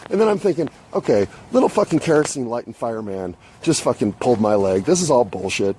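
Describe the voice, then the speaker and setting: A man rambles through a profane everyday story, swearing freely and getting louder and livelier when he acts out what people said. His voice sits at a middle pitch with a mellow, dark tone. Faint traffic and street noise hum behind him, as he records on a phone while out and about. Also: sing-song, fast, hardly any pauses. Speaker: podcast host. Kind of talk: casual storytelling monologue. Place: outdoors on the street and at bus stops.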